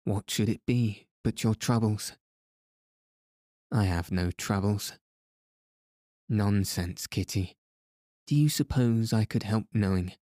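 A man voicing a gentle, earnest older sister in an audiobook, reading her lines slowly and plainly. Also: fairly low pitch, dry recording, clean studio sound.

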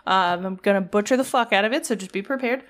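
A woman's voice: mid-range voice, fast, fairly bright tone. A tired woman with a Southern accent, co-hosting a casual podcast, reading facts with swearing and jokes and tripping over names. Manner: profane, joking, stumbles over names. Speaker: podcast co-host.

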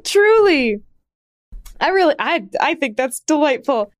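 A woman co-hosting a podcast in casual chat, frank and quick to laugh, swearing freely. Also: high-pitched, big pitch swings, dry recording, clean studio sound. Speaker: podcast co-host.

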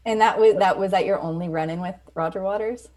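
Mellow lady host, chatty, tosses in questions. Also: medium pitch, fast. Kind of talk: casual chat.

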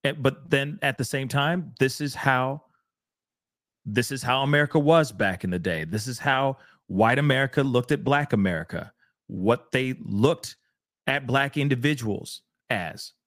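A man's voice: mid-range voice, a little slow, a bit bright, dry recording, studio quality. A man co-hosting a casual talk show, speaking emphatically and repeating phrases for emphasis. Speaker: podcast co-host. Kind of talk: casual discussion.

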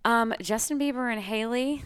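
A woman's voice: on the high side, normal speed, background noise. A woman who co-hosts a podcast and works in TV news, chatting with playful, jokey asides. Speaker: podcast co-host, TV news presenter. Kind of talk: casual chat.

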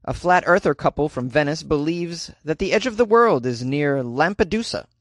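A man's voice: on the high side, expressive, normal speed, no room sound. A man hosting comedic news commentary, reading stories and adding wry, joking asides in a chatty manner. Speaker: host.

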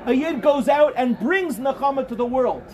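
Rabbi, male, very high voice; animated storytelling sermon that builds to fervent pleas. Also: moderate pace, some chatter behind. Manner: animated, rising to impassioned exhortation. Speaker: rabbi giving a talk to yeshiva students. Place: study hall at a summer program.

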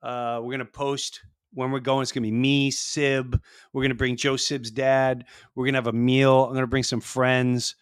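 A man's voice: medium pitch, flat delivery, moderate pace, clean tone, dry recording. A male podcast host with a mid-range voice speaks into a close mic, and there is no room sound. He talks with emphasis and heart. He repeats his points to drive them home. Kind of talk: casual podcast interview.

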